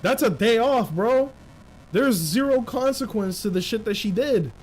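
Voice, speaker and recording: A young man from New York ranting casually on a livestream in a slangy, animated way. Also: very high voice, a little slow. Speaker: streamer.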